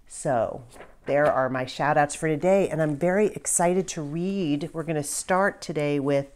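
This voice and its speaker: A woman's voice: deep voice, unhurried, a little mellow. A middle-aged woman, a children's author, reading her book aloud to kids with a storyteller's manner and casual asides.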